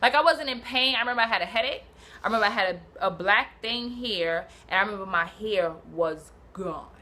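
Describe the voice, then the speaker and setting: A young woman from Brooklyn, telling a personal story in a casual, animated, slangy way and acting out what people said. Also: mid-range voice, a little fast. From Brooklyn, New York. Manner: animated, swearing, slangy, acts out quotes.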